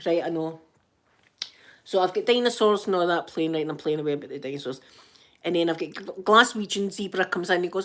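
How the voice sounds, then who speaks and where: A Scottish woman in her fifties with a sore throat, chatting softly in a rambling, self-mocking way for an ASMR channel. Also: on the low side, fast talker. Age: 50s. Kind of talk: soft-spoken ASMR chat.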